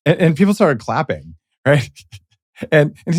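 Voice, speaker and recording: A man's voice: mid-range voice, sing-song, fairly quick, darkish tone, dry recording. A man hosting an interview in a studio, speaking bluntly and with strong opinions. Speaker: podcast host. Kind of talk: casual interview conversation.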